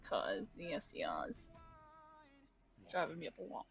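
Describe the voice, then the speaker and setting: A woman's voice: low voice, big pitch swings, measured pace, vocal fry, faint music behind. A young woman streaming while she draws, chatting casually, swearing freely and laughing often as she talks to her cat. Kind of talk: casual live-stream chat while drawing.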